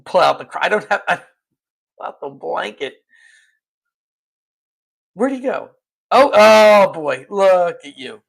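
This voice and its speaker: High, gravelly-voiced man co-hosting. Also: sing-song, moderate pace, a bit bright. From New Jersey. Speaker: co-host. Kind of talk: casual livestream chat.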